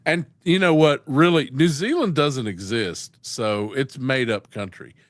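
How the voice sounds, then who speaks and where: A man's voice: medium pitch, unhurried, dry recording. A man hosting a casual live-stream chat, rambling and profane and laughing often. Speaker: host.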